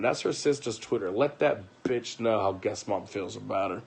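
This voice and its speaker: A young man on a late-night personal livestream, retelling an argument in an animated way, repeating himself and swearing. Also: on the low side, moderate pace, creaky, few pauses, breathy edge.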